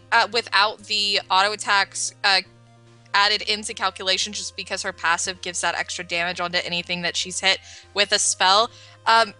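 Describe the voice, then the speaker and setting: A woman with a very bright, sharp voice breaks down a live esports match with confident, quick analysis. Faint music plays under her commentary. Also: mid-range voice. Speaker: esports caster.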